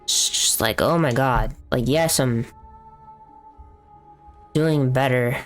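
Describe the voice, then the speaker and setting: A man's voice: mid-range voice, slow pace, faint music behind. A young man talking casually on a live stream, venting in a rambling, profane way with lots of fillers.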